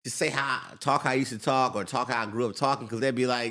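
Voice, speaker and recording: A man talks very fast, rattling through stories in casual podcast chat. He slips into mimicked voices of other people as he goes, and his pitch sits in the middle of the range. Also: bright, forceful tone. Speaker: comedian and co-host.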